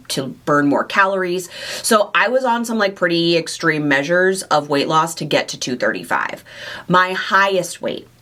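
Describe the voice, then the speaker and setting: A woman hosting a question-and-answer vlog to camera, speaking candidly and warmly about her own weight loss journey and her affection for her viewers. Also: low-pitched. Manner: candid, heartfelt, confiding. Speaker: weight loss surgery coach and channel host.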